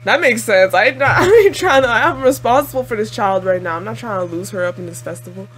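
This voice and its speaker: A woman with a mid-range, slightly rough voice talks a little fast through a casual anime reaction video. She's chatty and expressive, leans heavily on "like," laughs often and exclaims at the screen.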